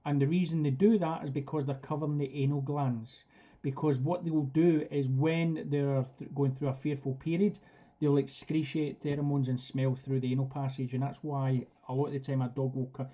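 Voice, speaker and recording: A man's voice: medium pitch, lo-fi sound. A man teaching a live dog training class in a chatty, direct way. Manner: chatty and direct, acts out commands. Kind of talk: live online class talk.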